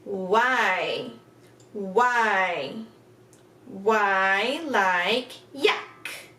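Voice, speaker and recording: A woman teaching kindergarten phonics, sounding out letters and words slowly with exaggerated care and patient, encouraging questions. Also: medium pitch, fairly bright tone, recorded from a distance. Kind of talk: recorded phonics lesson for young children. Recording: echoey room, off-mic, faint background hiss.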